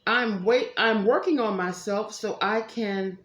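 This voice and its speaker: Lady reading tarot at home, chatty and animated, kinda echoey room. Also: mid-range voice, measured pace. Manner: chatty, animated, talks straight to viewers. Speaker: tarot reader. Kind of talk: casual tarot reading monologue.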